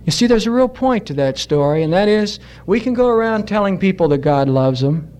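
Guy preaching a sunday sermon, high-ish voice, earnest and urging, slows way down on key points. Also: lively intonation, darkish tone. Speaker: pastor. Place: church.

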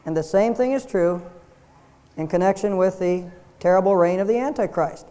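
A man's voice: sits high, moderate pace, mellow, in a large hall. A man preaching a sermon as pastor, earnest and emphatic, asking his listeners rhetorical questions. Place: church sanctuary.

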